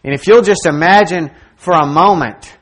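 During a church service, a male pastor preaches dramatically, shifting between loud emphasis and near whispers. His voice is a little high, at normal speed.

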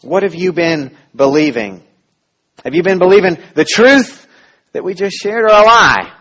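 A man preaching a sermon as pastor, earnest and full of restarts, rising to loud emphasis and dropping to soft, quiet lines. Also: sits high, animated, moderate pace.

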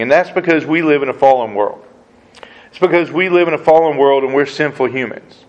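A man's voice: fairly high pitch, fairly quick, muffled recording. Man teaching a casual Bible study. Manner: conversational, acts out quoted voices with rhetorical questions.

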